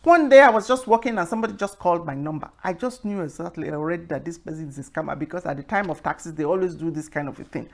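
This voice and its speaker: A woman hosting her own talk show, telling a story by acting out a phone call, then preaching and reading scripture slowly and with emphasis. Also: lowish voice. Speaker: host. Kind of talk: casual talk with a sermon-like close.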